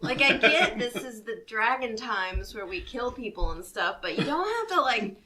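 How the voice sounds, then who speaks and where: A sarcastic woman chats at a game table, her talk full of "like". Her voice swings up and down and sits a little high, and a clear hiss sits under the recording. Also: sing-song, moderate pace, bright, forceful tone. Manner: sarcastic, lots of "like". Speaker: player. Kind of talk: casual chat.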